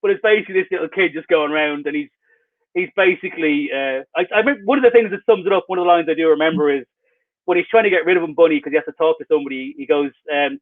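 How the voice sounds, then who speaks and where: A man's voice: on the high side, very fast. A man, an author, giving rambling, wry and self-mocking answers in a casual interview over a video call. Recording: tinny phone-like video call line.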